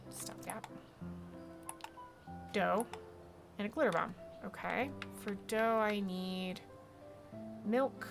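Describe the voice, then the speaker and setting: Brief: woman streamer, chatty running commentary at a middle pitch, game music playing. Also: slow, creaky, long pauses. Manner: chatty, talks to herself while playing. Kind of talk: casual let's-play commentary. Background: video game music.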